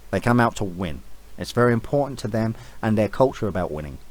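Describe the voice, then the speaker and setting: A man's voice: fairly low pitch, expressive, fast talker. A man giving a casual, rambling opinion rant as an esports vlogger, blunt and swearing freely.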